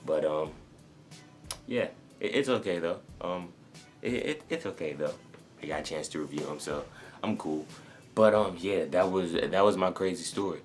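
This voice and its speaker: A young man tells a long story to camera in a low, deep voice. He rambles, restarting sentences and leaning on fillers as he goes. Faint music plays behind him. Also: normal speed. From North Carolina. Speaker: sneaker vlogger.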